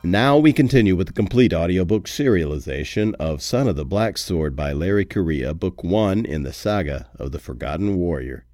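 A man hosting a podcast, introducing segments in a measured announcing voice. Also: low-pitched, lively intonation, warm tone, soft background music. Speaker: podcast host. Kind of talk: scripted podcast narration.

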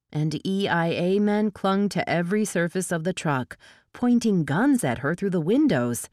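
A woman narrating an audiobook with a steady, expressive reading. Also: low voice, no echo, studio quality.

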